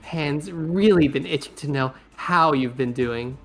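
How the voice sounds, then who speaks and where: A woman's voice: deep voice, unhurried, faint music behind. A woman voicing a chipper, clingy young valley-girl woman in a casual group reading of game dialogue. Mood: fawning. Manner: bubbly, fawning.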